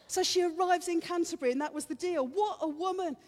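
Woman preacher, high pitched, playful sermon, live hall echo. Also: expressive, normal speed, long pauses, a little mellow. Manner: chatty, playful, teases the congregation. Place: church hall. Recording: reverberant hall.

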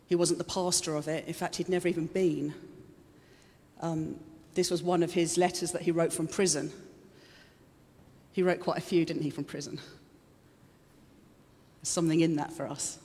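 A woman's voice: deep voice, fairly even intonation, moderate pace, pauses often, warm tone. A woman giving a chatty, conversational sermon, openly emotional and laughing often. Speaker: preacher. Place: church hall. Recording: long hall reverb.

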